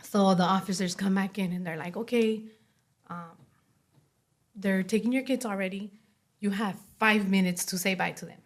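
A young woman speaking as an interview guest, giving a personal testimony in a soft voice full of "you know" and "like". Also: medium pitch, moderate pace. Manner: soft-spoken, many fillers like "you know" and "like".

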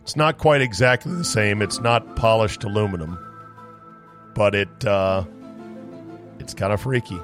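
A man hosting a podcast, ranting in a sarcastic, incredulous way and firing off rapid questions with some swearing. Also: fairly low pitch, music in the background. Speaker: podcast host. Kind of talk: animated comic rant and chat.

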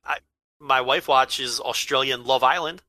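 A man's voice: medium pitch, normal speed, sharp tone, no echo. A man co-hosting a podcast in casual chat, making wisecracks and sarcastic asides. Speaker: podcast co-host.

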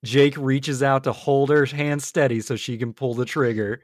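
A man's voice: medium pitch, steady tone, normal speed, no echo, clean studio sound. Young man recapping a story. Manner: recaps plot, steers the talk along. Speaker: podcast co-host. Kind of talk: casual chat.

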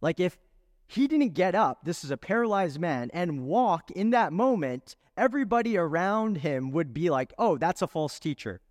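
A man's voice: high-pitched, very animated, normal speed, clean studio sound. A man preaching a sermon as pastor, earnest and full of rhetorical questions, leaning into key words. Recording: long reverb in a large hall.

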